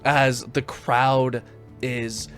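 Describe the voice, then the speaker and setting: A man running a tabletop game as dungeon master, his voice at an ordinary middle pitch. He narrates the action slowly and descriptively, in no rush, with faint music playing underneath. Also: little pitch movement, fairly bright tone.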